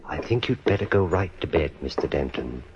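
Deep-voiced doctor guy, calm and smooth but dodging, old radio drama, muffled sound. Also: brisk, noisy background. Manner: smooth, reassuring, evasive. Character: calm, secretive male doctor. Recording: dull old radio recording.

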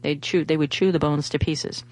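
A woman's voice: sits low, fairly even intonation, normal speed, darkish tone. A woman radio host, talking in a rambling, chatty way full of fillers and restarts. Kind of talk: casual radio monologue with pledge appeal.

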